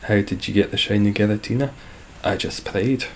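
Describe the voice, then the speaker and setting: A young man with a Scottish accent talks casually over his live game stream, answering chat with deadpan sarcasm. His low voice has a gravelly, creaky edge, and faint noise hums underneath. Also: normal speed. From Scotland. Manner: dry, sarcastic and joking.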